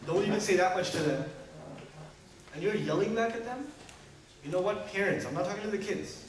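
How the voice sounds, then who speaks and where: A man with a fairly high voice gives a lively sermon, firing rhetorical questions and humorous asides at the crowd. He sounds distant from the mic, with heavy room echo and faint background noise. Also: a little fast. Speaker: preacher. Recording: echoey hall from far off.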